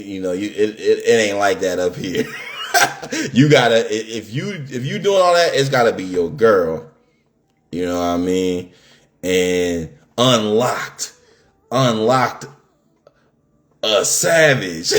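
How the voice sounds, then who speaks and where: A man hosting a podcast, telling a story in a casual, animated, slangy way and laughing often. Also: mid-range voice. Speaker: podcast host.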